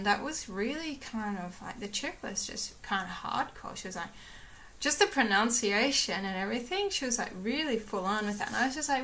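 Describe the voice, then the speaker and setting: A woman's voice: mid-range voice, sharp tone. A young woman chatting casually to her viewers, rambling with many fillers and restarts and laughing often. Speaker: vlogger. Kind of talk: casual chat to camera.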